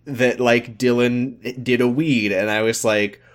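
A man co-hosting a podcast, chatting casually about a TV episode and acting out characters in mocking voices. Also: measured pace. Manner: animated, acts out characters with high mocking voices. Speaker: podcast co-host. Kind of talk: casual chat recapping a TV episode.

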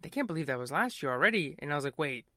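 A man's voice: a little high, big pitch swings, racing, bright, forceful tone, no echo, clean studio sound. A young man hosting a podcast, telling a long story casually with lots of fillers and acted-out quotes. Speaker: podcast host.

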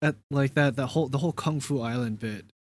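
A man's voice: mid-range voice, quick pace, dry recording. A young man co-hosting a podcast in casual chat, chatty and laughing often, acting out quotes. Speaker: podcast co-host.

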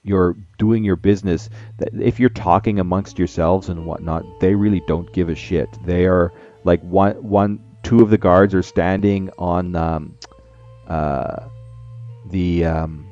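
A man's voice: low voice, steady tone, measured pace, warm tone, lo-fi sound, soft background music. A man narrating as game master, rambling with many fillers.

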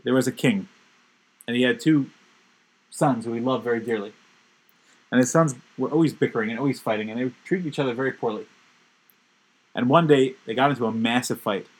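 Male religious teacher, husky tone, emphatic storyteller, mid-range pitch. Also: brisk, long pauses, low-quality recording. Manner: emphatic, building intensity. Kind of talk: Torah class storytelling.

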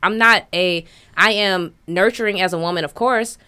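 Woman, clear smooth voice, middle pitch, emphatic, casual discussion. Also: moderate pace, pushed and bright. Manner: emphatic, talks through examples.

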